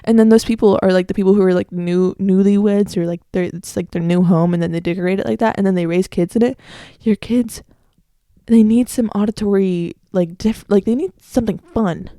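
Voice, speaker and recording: A young woman in her late teens with an American accent hosts a casual solo podcast, rambling with lots of "like"s, correcting herself as she goes, and voicing strong opinions. Her mid-range voice is warm, fairly even, and brisk, recorded in studio quality with no echo.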